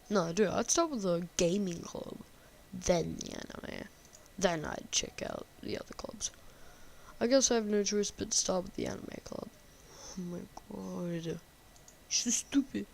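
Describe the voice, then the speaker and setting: A woman's voice: fairly low pitch, big pitch swings, unhurried, gravelly, long pauses, a little mellow, slight background noise. A woman giving casual, sarcastic gameplay commentary and reading game text aloud, swearing freely. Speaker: game streamer.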